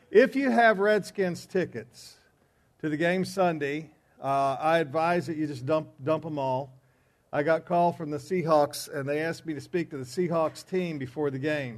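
Male class leader opening with joking news. Chatty, rambling, slightly higher voice. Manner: rambling, chatty joke-telling with filler "uh"s. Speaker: class teacher. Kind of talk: joking announcements before a lesson.

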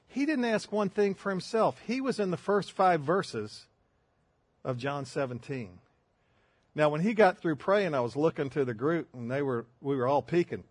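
A man's voice: fairly high pitch, animated, normal speed, dry recording. An older man preaching a sermon, telling folksy stories with self-deprecating humor. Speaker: pastor.

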